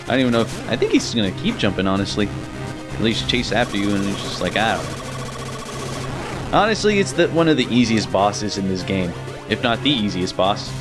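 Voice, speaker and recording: Brief: young guy, lively swearing let's play voice, game music underneath. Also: on the low side, brisk, low-quality recording. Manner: loose, profane, laughing asides. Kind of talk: casual gameplay commentary.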